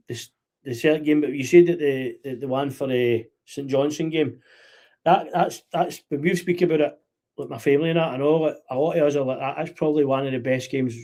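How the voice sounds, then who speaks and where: A Scottish man hosting a podcast, telling animated football stories in casual chat, full of fillers and restarts. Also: medium pitch. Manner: animated storyteller with many fillers. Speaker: podcast host.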